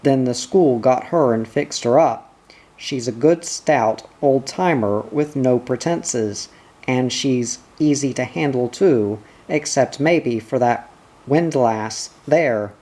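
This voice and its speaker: A man reading the part of an older sailing instructor explaining ships, unhurried. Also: mid-range voice, dark tone.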